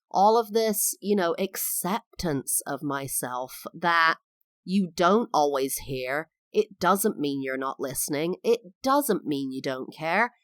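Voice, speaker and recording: Low-voiced woman podcaster, candid. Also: no echo, studio quality. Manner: candid and reflective, with emphatic swells. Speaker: podcast host. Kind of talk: personal storytelling monologue.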